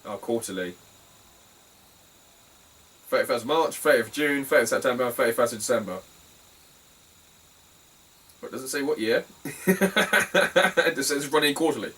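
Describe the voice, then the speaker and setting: A man's voice: mid-range voice, animated, measured pace, long pauses, fairly bright tone, husky, distant mic, rough recording. British man rambling through a vlog. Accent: British English. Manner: rambling, swears freely, laughs through anecdotes. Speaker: retro game collector vlogger. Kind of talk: casual vlog.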